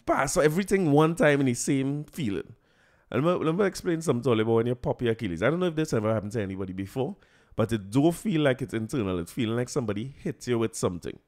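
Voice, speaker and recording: A man with a Trinidadian accent hosting a podcast, telling a story in a lively, laughing, colloquial way. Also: medium pitch, fast. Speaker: podcast host. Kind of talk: casual storytelling chat.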